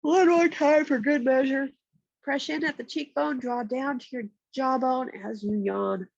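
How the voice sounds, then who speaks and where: A woman with a stuffy, congested voice, calmly giving slow step-by-step yoga and massage cues on a nearby mic. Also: high voice, vocal fry, no echo, highs cut off. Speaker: yoga instructor. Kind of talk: guided yoga instruction. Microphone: external mic nearby.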